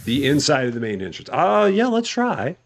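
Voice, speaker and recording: A man's voice: normal speed, slight background noise. Chatty man streaming a game. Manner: chatty, talks to himself and chat, animated rises in pitch. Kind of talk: casual game commentary.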